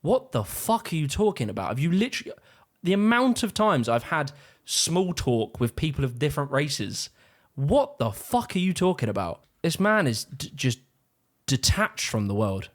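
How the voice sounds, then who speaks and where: Watching a video, a man delivers profane, exasperated commentary laced with sarcasm for his YouTube reaction channel. He speaks at a moderate pace in a slightly high, sing-song voice.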